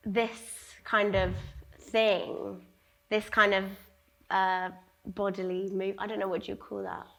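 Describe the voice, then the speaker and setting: Bright-voiced young woman, chatty artist talk. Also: medium pitch. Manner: chatty, laughing often, many "like" fillers. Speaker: artist discussing her exhibition. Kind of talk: public gallery conversation. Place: gallery talk before an audience.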